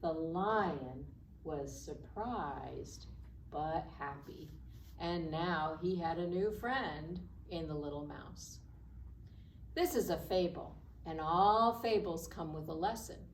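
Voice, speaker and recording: A woman librarian reading a story aloud to children, slowly and expressively, at a public library. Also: on the low side, slight background noise. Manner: slow, animated, expressive storytelling. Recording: echoey room, mic at a distance.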